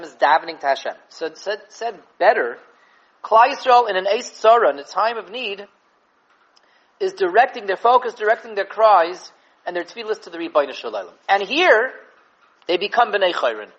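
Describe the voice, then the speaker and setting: A man giving an animated Torah class on the weekly portion, mixing Hebrew and Yiddish terms into English and repeating words as he thinks. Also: high voice, dull audio. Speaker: Torah teacher.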